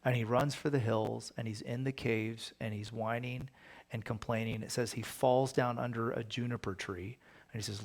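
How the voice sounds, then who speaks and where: A man's voice: medium pitch, fairly even intonation, normal speed, creaky. A man, a pastor, teaching a Bible study in a casual, conversational way, often asking his listeners rhetorical questions.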